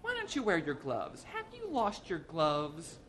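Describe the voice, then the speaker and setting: A man's voice: a little high, huge pitch swings, a little slow, a bit bright, a little hiss or hum, pitched above the performer's own voice, full character voice. A man doing a nagging, fussy wife. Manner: scolding, fussy. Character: nagging middle-aged wife.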